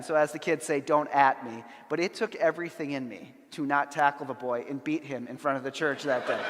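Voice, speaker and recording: A middle-aged man giving a conference lecture, an animated storyteller with dry humor who acts out the people he quotes. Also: medium pitch. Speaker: conference speaker. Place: large church sanctuary. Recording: long hall reverb.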